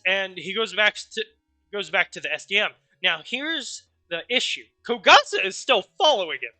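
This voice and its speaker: A man streamer casually recapping a story, rambling and animated, with offhand swearing. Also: sits high, no room sound.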